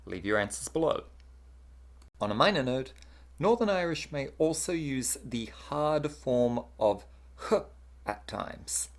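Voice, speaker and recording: A narrator reads a scripted lesson about accents at an unhurried pace. The pitch moves up and down in a lively way, while the delivery stays even and explanatory.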